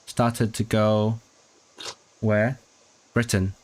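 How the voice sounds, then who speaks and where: A man streaming a study session, thinking aloud as he works out what is being signed, often restarting words and asking himself questions. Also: lowish voice. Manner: halting, restarting words while working out signed content; puzzled self-questioning asides. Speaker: language-learning streamer.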